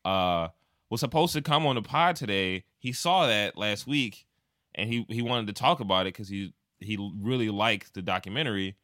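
A man's voice: on the low side, lively intonation, normal speed, bright, forceful tone, dry recording. A man in his thirties hosting a casual podcast, laid-back and teasing, close to a studio microphone. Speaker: podcast host. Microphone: studio microphone in front of face.

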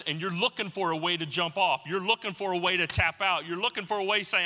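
A man with a fairly high, very bright and forceful voice preaches a sermon. He tells a personal story with animated, comic mock panic, then slows into an earnest appeal. His voice rings with a long reverb, as in a large hall. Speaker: pastor.

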